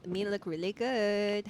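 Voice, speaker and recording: Speaking slowly in a medium-pitched, darkish voice with a little hiss or hum in the audio, a woman streams a video game and chats casually with her viewers. Game music plays as she peppers her talk with "like" and laughs at herself.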